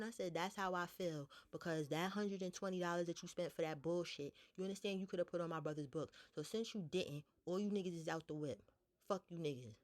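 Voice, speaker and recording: Young woman doing a storytime, lowish voice, cussing, gets loud and high when quoting ppl. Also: a little fast. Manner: animated retelling, blunt and profane, voices others higher. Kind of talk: casual storytime.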